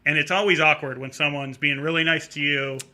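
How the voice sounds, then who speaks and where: Middle-aged male comic with a very bright, sharp voice, spinning an animated anecdote on a radio show. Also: fairly quick. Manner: animated anecdote-telling, acting out a drunk heckler in a high voice. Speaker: comedian guest. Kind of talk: casual storytelling on a talk show.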